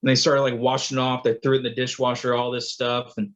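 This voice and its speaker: On a casual podcast with dull lo-fi sound, a co-host talks as a father, rambling through long stories and performing the quoted lines. He speaks fast in a mid-range, somewhat bright voice with a completely flat delivery.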